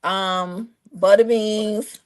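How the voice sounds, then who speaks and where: A woman's voice: medium pitch, steady tone, extremely slow. A woman guest in a casual stream chat, sassy and folksy, showing home-canned greens.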